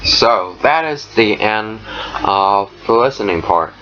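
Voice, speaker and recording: A man teaching an English lesson, explaining step by step with frequent pauses and fillers. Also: lowish voice, expressive, pushed and bright. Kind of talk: recorded lesson walkthrough. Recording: dull lo-fi recording, faint noise.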